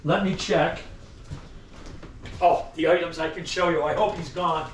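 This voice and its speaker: Showy high-voiced salesman guide, echoey room. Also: fairly even intonation, a little slow, pauses often. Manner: showy, teasing, addresses the crowd directly. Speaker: costumed museum tour guide. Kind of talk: theatrical old-time salesman pitch. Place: indoor store museum among visitors. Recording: echoey room, faint background noise.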